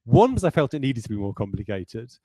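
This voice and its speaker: A man's voice: mid-range voice, sing-song, fast, dark tone, dry recording, poor audio. A man, a game designer, talking through design ideas in a rambling, self-deprecating way with many hesitations. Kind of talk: livestreamed design talk.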